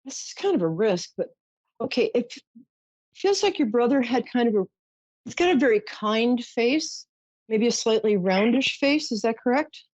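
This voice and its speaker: A woman's voice: a little high, animated, moderate pace, darkish tone, dry recording. A woman hosting a psychic call-in show, soothing and full of endearments as she gives readings. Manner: soothing, showers callers with endearments. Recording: dull lo-fi dry sound.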